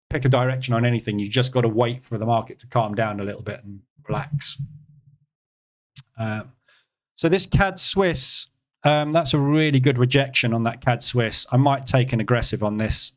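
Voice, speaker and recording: An English man hosting a live trading session, chatting casually as he answers viewers' questions and reads charts aloud. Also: medium pitch. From England. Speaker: trading room host.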